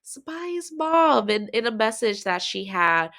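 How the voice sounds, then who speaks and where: Bright-voiced woman hosting a chatty recap. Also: fairly high pitch. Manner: animated, quick restarts and repeated words. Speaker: podcast host. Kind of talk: casual recap chat.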